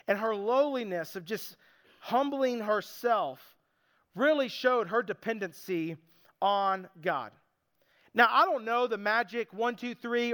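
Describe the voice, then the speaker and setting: A man's voice: sits high, fairly bright tone, smooth. A man preaching a sermon as a pastor, earnest and emphatic, acting out quoted voices and repeating phrases for emphasis. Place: church sanctuary. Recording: reverberant church hall with band music.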